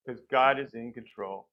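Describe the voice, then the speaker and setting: A man at a church pulpit shares a personal testimony in a loose, conversational way. He tells the story by acting out what people said. The sound is slightly muffled and lo-fi, like a simple church recording. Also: mid-range voice. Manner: conversational storytelling, acts out quoted doctors. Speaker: church member giving testimony. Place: church sanctuary.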